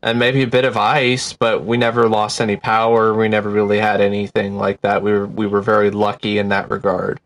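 A man's voice: lowish voice, level tone, brisk, hardly any pauses. A man from Washington state co-hosting a casual chat, joking dryly with frequent hesitations. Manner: dry, joking, hesitant with fillers. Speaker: podcast co-host.

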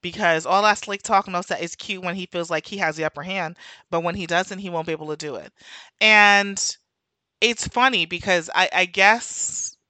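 A podcast host with a New York accent, talking in a chatty, animated monologue that wanders off on tangents. Her voice sits on the low side for a woman but comes across forceful and bright. The recording is dry and close to the mic. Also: normal speed, dry recording. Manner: animated, chatty, goes on tangents, laughs often. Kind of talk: casual opinion monologue.

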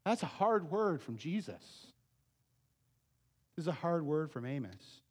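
A man preaching a sermon as pastor, pleading and emphatic, swinging between loud urgent passages and quiet low asides. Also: very animated, measured pace, long pauses, breathy edge.

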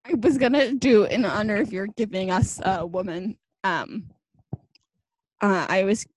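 Young co-host, rambling and teasing, heavy on fillers; dry, close recording. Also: female voice, mid-range voice, measured pace, breathy edge, no room sound. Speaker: podcast co-host. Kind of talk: casual chat.

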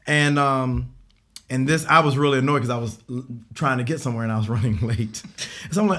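A man's voice: mid-range voice, brisk. A man in his forties telling a long personal story in casual talk, acting out the voices of the people in it and laughing along the way. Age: 40s. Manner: animated, acts out quoted voices, laughs while telling. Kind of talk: casual storytelling on a podcast panel.

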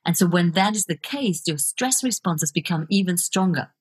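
Low, husky-voiced woman coach. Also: lively intonation, normal speed. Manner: reflective, earnest, laughs easily. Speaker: guest, video coach and author. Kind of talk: podcast interview.

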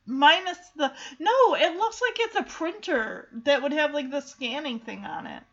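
A woman's voice: high voice, animated, normal speed, a bit bright, lo-fi sound. A woman casually recapping a TV episode, chatty and giggly as she tells it. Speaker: show recapper.

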